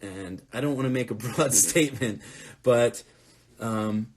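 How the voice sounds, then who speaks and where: A man's voice: medium pitch, measured pace, darkish tone, slight background noise. Man, musician, casual fan Q&A, rambling and conversational, mid-range voice. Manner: rambling, conversational, with fillers and restarts. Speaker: touring musician answering fan questions. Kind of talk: casual live Q&A.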